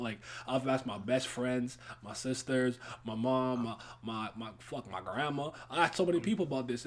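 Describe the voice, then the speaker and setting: A man hosting a casual podcast chat, telling a rambling story and breaking into laughter often. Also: fairly high pitch. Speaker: podcast host.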